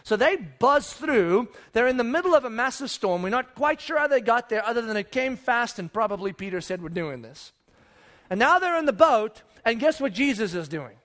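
A pastor preaching a sermon, telling the story in an animated, conversational way, asking rhetorical questions and talking straight to his listeners. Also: very high-pitched, a little fast, hardly any pauses. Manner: conversational, addresses listeners directly.

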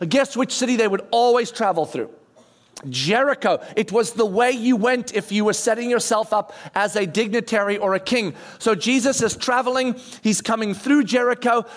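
A young man preaching a sermon, telling the story in a lively way and acting out the people in it. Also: very high-pitched. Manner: animated storytelling, acting out characters.

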